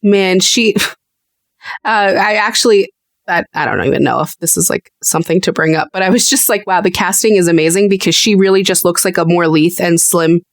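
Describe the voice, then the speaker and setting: Podcast co-host: lively woman, swears a lot, acts out quotes, dry close mic. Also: on the low side, normal speed, dry recording. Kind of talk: casual chat.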